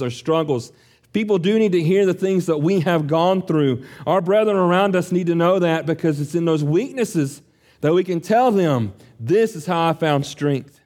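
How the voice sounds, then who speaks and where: A man's voice: a little high, darkish tone. A man preaching an earnest, emphatic sermon, acting out quoted prayers and questions.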